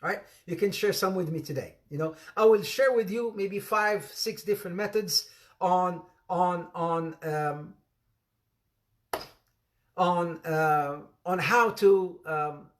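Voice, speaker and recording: A high-voiced man talks slowly while giving an interactive religious lesson. This Islamic teacher repeats phrases for emphasis, calls on students by name, and often laughs, joking with playful asides.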